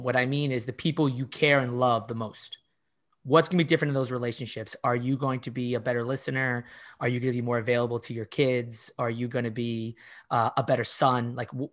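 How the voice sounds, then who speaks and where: A man of middle pitch speaks as a life coach guest on a podcast. He tells stories with lively enthusiasm and steps through his points in a casual, conversational way. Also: brisk. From Argentinian and Italian heritage. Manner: enthusiastic, animated storytelling with laughs.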